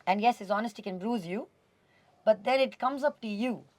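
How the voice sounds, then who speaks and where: Animated woman, dry studio sound. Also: fairly high pitch, moderate pace, no echo. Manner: animated, expressive, mixes Hindi words into English. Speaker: actress and interview guest. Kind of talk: casual conversational interview. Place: radio studio.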